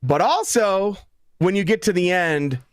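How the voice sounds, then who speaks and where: A man who is a guest author in a casual interview, telling stories in a lively way and acting out what other people said. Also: high voice, measured pace, dry recording, studio quality. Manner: lively storyteller who acts out quotes.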